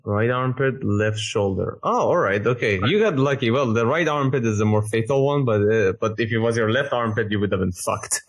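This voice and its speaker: Male podcast host with a husky voice, casual, reacts with quick asides. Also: medium pitch. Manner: reacts with short quips and questions. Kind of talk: casual chat.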